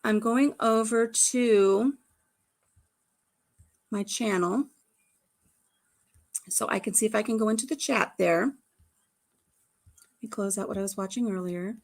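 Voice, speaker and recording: A woman's voice: medium pitch, unhurried, gravelly, pauses often. Woman, middle-aged, livestream host, chatty storyteller, casual talk. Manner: chatty storyteller reading live chat. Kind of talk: casual chat.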